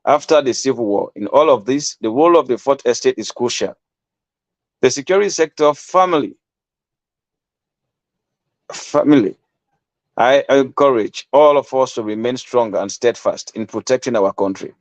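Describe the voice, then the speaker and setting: A man's voice: mid-range voice, normal speed, pauses often, no echo. A man with a Sierra Leonean accent reads out a statement and explains it, emphatic, repeating phrases and slipping into Krio. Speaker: commentator.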